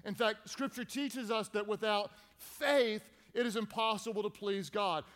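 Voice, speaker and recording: Animated high-voiced preacher in a hall. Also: male voice, unhurried. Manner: animated storytelling with acted-out shouts. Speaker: pastor. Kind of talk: sermon. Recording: long reverb of a large hall.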